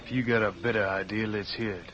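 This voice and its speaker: An actor playing a dim, nervous outlaw sidekick in a 1940s radio drama, talking in a hesitant, questioning way. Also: male voice, fairly low pitch, steady tone, fast talker, background noise, close to an everyday voice. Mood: doubtful. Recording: dull old radio broadcast.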